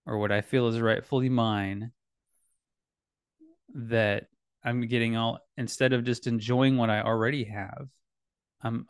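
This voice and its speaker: A man's voice: mid-range voice, clean tone, no echo, studio quality. A father in casual talk, telling a family story in a rambling way, correcting himself often and laughing now and then. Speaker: podcast host and dad.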